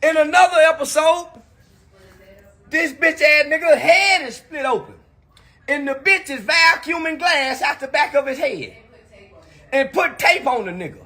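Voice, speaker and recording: A man telling profane stories in an animated, ranting monologue with loud outbursts. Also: very high-pitched, unhurried, pauses often, reverberant. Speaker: commentator.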